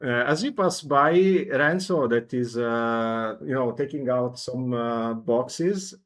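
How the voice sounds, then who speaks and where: A man's voice: mid-range voice, takes it slowly, a bit bright. A man narrating a tabletop game as game master, casual, with many fillers.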